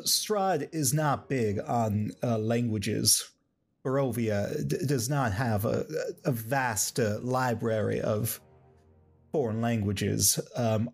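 A man voicing a centuries-old male dragonborn in a put-on Southern drawl, halting and rambling. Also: mid-range voice.

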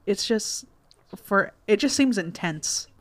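A woman's voice: medium pitch, expressive, slow, no echo. Hesitant woman in casual chat. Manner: hesitant, many ums and restarts, laughs easily. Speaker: podcast co-host.

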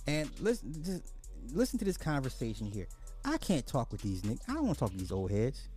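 A man's voice: mid-range voice, wildly swooping pitch, a little fast, dark tone, soft background music. A man hosting a podcast, giving blunt, exasperated casual commentary, often restarting his sentences. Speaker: podcast host.

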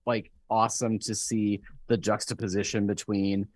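Man, podcast co-host, lowish voice, eager and gushing, lots of "like" and "um". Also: little pitch movement, normal speed, dry recording. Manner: enthusiastic, piles on praise with many fillers. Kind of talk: casual chat about a TV episode.

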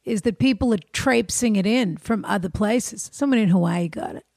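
A woman's voice: mid-range voice, normal speed, a little mellow, no echo. A woman hosting a podcast in casual chat, with a dry, teasing manner. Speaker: podcast host.

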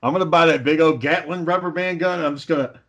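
Here's a man with a drawl, pitched a bit above most men's, rattling off rambling, foul-mouthed stories. It sounds like loose, casual banter among friends. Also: fast talker, highs cut off. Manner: profane, animated storyteller.

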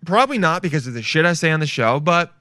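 A man's voice: a little high, big pitch swings, quick pace, sharp tone, dry recording. A man hosting his own show alone, chatting casually in a loose, rambling way with lots of swearing and playful asides. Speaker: podcast host. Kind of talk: casual solo show chat.

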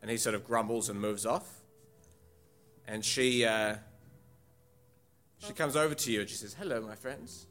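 A man narrating a tabletop role-playing game as game master, casual and halting with many fillers. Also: fairly low pitch, a bit bright, faint music behind.

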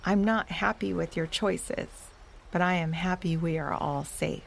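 A woman's voice: on the low side, unhurried, creaky, a little hiss or hum. A woman voicing a protective mother dog in a children's audio story, firm and reassuring. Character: protective mother dog, strict but loving.

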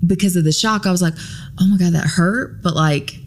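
A woman's voice: lowish voice, brisk. A woman guest on a podcast, telling a story casually, acting out the lines of people in it, with many ums and likes. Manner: animated retelling, acts out quoted lines.

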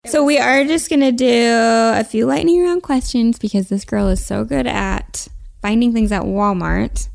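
A woman hosting a casual podcast interview, enthusiastic and quick to laugh and agree. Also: a little high, vocal fry, darkish tone. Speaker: podcast host.

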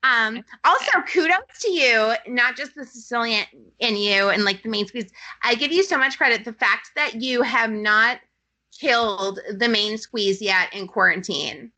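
A woman guesting on a podcast over a video call, excitable and rambling, full of "like" fillers. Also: a little high, unhurried, rough recording. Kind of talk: casual chat.

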